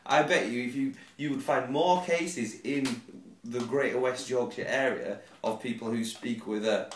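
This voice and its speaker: A man's voice: mid-range voice, unhurried. A man co-hosting a podcast, talking casually and rambling through theories with bets. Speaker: podcast co-host. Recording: roomy sound, mic at a distance, faint noise.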